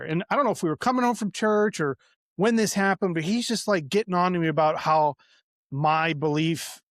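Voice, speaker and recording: Male podcast guest with a slightly high voice and a dry, close sound. He tells a personal story casually and with energy, and acts out the quotes. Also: no echo. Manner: animated, acts out quoted lines with restarts.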